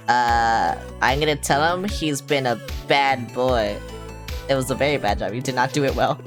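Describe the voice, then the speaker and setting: Low-voiced woman streamer joking through a game. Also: measured pace, music in the background. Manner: joking, swearing, laughing asides. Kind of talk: casual let's-play commentary.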